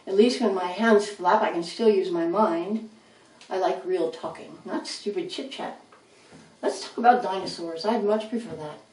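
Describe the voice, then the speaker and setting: A woman's voice: on the low side, normal speed, darkish tone, lightly acted. A woman reading as a blunt little chipmunk. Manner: blunt, matter-of-fact. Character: blunt literal-minded young female chipmunk. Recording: roomy, distant, faint noise.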